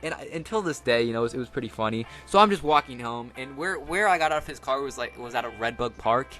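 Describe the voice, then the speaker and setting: A man's voice: mid-range voice, expressive, fast, bright, forceful tone, faint music behind. A teenage boy telling a casual storytime tale, rambling along with lots of filler words. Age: teens. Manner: rambling, full of "like" and "you know" fillers. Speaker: vlogger.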